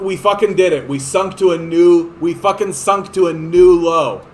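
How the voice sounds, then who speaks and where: A man's voice: high voice, slight background noise. A man giving a sarcastic, profane, exasperated rant of political commentary. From Canada.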